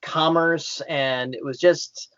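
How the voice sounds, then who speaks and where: A man in his fifties rambles through a casual podcast chat. He circles back, restarts and fills gaps with um and uh. His voice sits slightly high and is recorded close and dry with a dull, muffled sound. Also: fairly even intonation, slow, fairly bright tone, clean tone, dry recording. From born in Tennessee, raised in Indiana and Florida. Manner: rambling, many restarts and filler words. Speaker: podcast guest.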